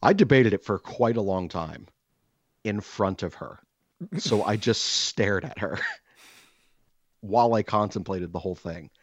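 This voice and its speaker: A man co-hosting a podcast, telling a profane story in a casual, animated way and acting out what people said. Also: on the low side, a little slow, pauses often. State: out of breath. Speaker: podcast co-host.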